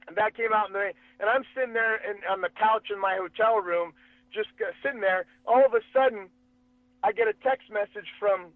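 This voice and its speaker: Guest spot: high-pitched man, animated storyteller, restarts a lot, dry tinny phone-like sound. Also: dry recording. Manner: animated, rapid restarts, calls the host "dude". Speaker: guest, fight promotion executive and manager. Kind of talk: casual storytelling on a podcast.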